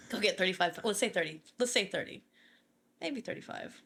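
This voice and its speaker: A woman in her forties tells an old service story in a loose, casual way. She laughs through it, swears freely and acts out the lines of the people in it. Her voice sits at a middling pitch for a woman. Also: expressive, normal speed, a bit bright, slightly rough. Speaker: podcast guest, retired Navy bomb disposal chief.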